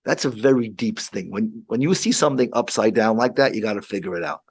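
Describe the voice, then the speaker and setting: A rabbi telling a story in casual chat, halting with frequent restarts. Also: male voice, lowish voice, vocal fry, breathy edge.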